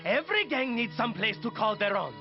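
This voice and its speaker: A brash cartoon gang leader. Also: male voice, sits high, sing-song, fairly quick. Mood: defiant. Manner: brash and swaggering. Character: tough, boastful young gang leader. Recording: dull cartoon clip with music.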